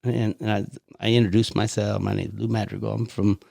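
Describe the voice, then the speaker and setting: Older man, podcast guest, gravelly, dry studio sound, animated storyteller. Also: lowish voice, a little fast, no echo. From United States. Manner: animated anecdotal storyteller, repeats words, laughs often. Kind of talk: casual storytelling chat.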